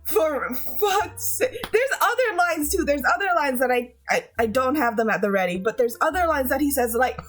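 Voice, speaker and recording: A woman's voice: high-pitched, expressive, moderate pace, few pauses, faint music behind. A woman streamer chatting casually with her viewers, gushing, giggling often and swearing freely, with frequent restarts.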